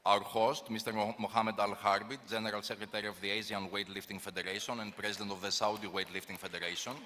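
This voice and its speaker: A man's voice: on the low side, little pitch movement, sharp tone, a little hiss or hum. Formal man opening a congress. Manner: formal, halting with small restarts. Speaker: congress moderator. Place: large conference hall. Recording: echoey conference hall, faint ambience.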